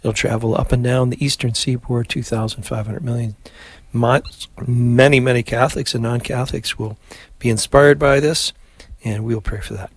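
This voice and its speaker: A man hosting a live radio prayer show, leading the rosary in a steady call-and-response cadence and chatting between decades. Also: medium pitch, normal speed, slightly rough, no room sound. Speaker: radio host.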